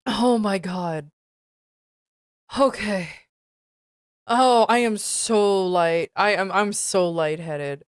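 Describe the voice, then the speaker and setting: A woman's voice: mid-range voice, takes it slowly, pauses often, dry recording, studio quality. A young woman streaming, reading aloud and reacting in disbelief while often breaking into giggles. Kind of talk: casual live-stream reading commentary.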